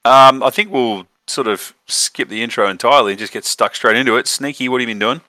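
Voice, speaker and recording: A man hosting a casual podcast chat, rambling and correcting himself often, quick to laugh. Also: medium pitch, pushed and bright, no echo. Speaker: podcast host.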